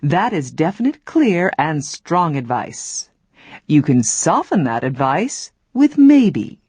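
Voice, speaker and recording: A woman voicing a cartoon word character who gives clear advice in an educational cartoon. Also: low voice, sing-song, slow pace, a little mellow, dry recording, full character voice. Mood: advising. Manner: clear, advising. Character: female cartoon word giving firm advice.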